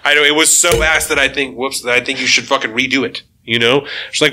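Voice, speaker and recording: A man's voice: medium pitch, fast talker. A man co-hosting a podcast, ranting in casual chat, swearing often and laughing as he talks. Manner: profane, animated ranting with laughs. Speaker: podcast co-host.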